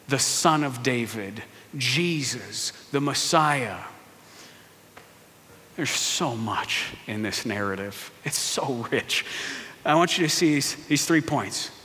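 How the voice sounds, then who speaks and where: A man with a high, bright voice preaches a sermon in a big hall that rings with long reverb. He retells the story in an animated, joking way and slips into playful voices for its characters. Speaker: pastor.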